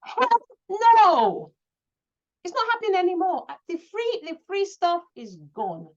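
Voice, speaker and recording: A woman coach giving an emphatic motivational talk to an online group, building up to near-shouting. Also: extremely high pitch, sing-song, unhurried, lo-fi sound. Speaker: coach hosting a live session.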